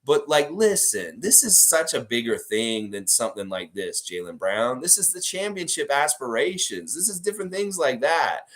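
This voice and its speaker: A young man from Canada hosting a casual livestream from his home room, reading chat comments and telling stories in an animated, profane way. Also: moderate pace, hardly any pauses. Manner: acts out quotes in a high exaggerated voice. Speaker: livestream host. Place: home room where he works.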